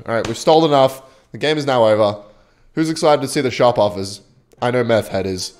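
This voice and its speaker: A man giving joking, excitable play-by-play commentary on his own game, like a mock sportscaster teasing his opponent. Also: mid-range voice, brisk, clear, resonant tone. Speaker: gaming video creator.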